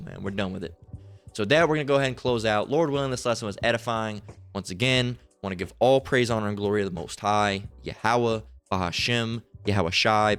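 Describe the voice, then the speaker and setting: A man giving a bible lesson, reading verses slowly and adding blunt, slangy commentary. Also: fairly low pitch, fairly bright tone. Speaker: bible teacher. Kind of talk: scripture lesson with casual commentary.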